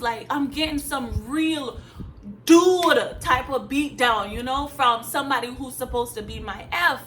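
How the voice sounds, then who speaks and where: A young woman tells her own story straight to camera, blunt and emphatic with casual slang. Her voice sits a little high and sounds bright and sharp. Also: a little slow, faint music behind, low-quality recording. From Jamaica. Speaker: vlogger. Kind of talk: candid storytime vlog.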